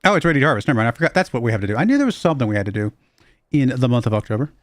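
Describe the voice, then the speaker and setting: A livestream gamer races through loose, rambling commentary on a farming game in an expressive, mid-range voice with a slight Southern US accent. He chuckles a lot, and the recording is studio quality with no echo.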